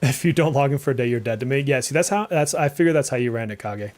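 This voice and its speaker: A man's voice: mid-range voice, fast, a little mellow, soft background music. A man from Massachusetts with a speech impediment and a mild Massachusetts accent that slips through on some words, giving rambling, casual live-stream commentary while he plays, full of "like" fillers. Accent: mild Massachusetts, slipping through on some words. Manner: chatty and rambling, many "like" fillers, reacts aloud to the game. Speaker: game streamer.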